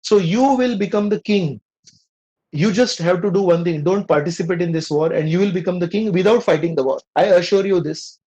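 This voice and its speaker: A man's voice: high-pitched, a little fast, mellow, dull audio, a little hiss or hum, close to an everyday voice. A man with an Indian accent voicing a royal mother earnestly pleading with her son, in a story told during a lecture.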